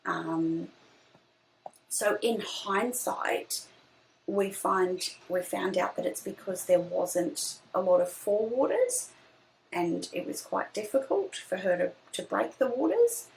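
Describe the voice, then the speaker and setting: A woman's voice: medium pitch, expressive, takes it slowly, creaky, darkish tone, slight background noise, rough recording. A young woman, telling her birth story in casual chat, hesitant with many restarts. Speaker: podcast guest.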